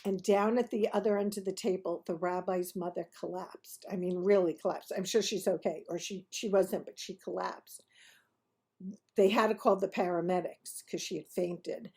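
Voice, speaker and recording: A woman telling a funny personal story in a chatty, animated way, often laughing as she talks. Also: on the low side, moderate pace, husky. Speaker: host of a restaurant review TV show. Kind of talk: casual anecdotal storytelling.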